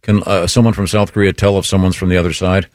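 A man's voice: sits low, flat delivery, fast, a little mellow, no room sound. A man hosts a morning radio show, rambling through jokey theories full of ums and restarts. The sound is dry and close. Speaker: host.

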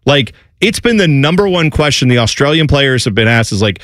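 A man's voice: mid-range voice, expressive, fairly quick, fairly bright tone, no room sound, studio quality. A man hosting a sports radio show, chatting casually in a rambling, jokey way.

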